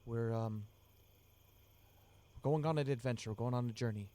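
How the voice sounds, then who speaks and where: A man's voice: mid-range voice, moderate pace, mellow, close to an everyday voice. A man voicing a wary, suspicious young woman in a tabletop game, lightly put on. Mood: coaxing.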